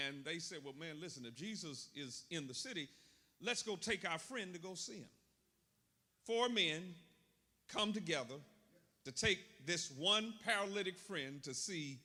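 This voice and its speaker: A man preaching with a high, bright voice that swings widely in pitch. He calls out lines for the congregation to repeat back. His voice rings with the long reverb of a church hall. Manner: animated call-and-response preaching. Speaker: pastor. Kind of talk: sermon. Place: church sanctuary.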